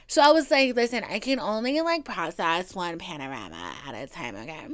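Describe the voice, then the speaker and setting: A young woman hosting a comedic solo podcast, telling stories in a sassy, profane, dramatic way that jumps from loud exclamations to hushed whispers. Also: fairly low pitch, big pitch swings, normal speed, few pauses. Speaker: podcast host.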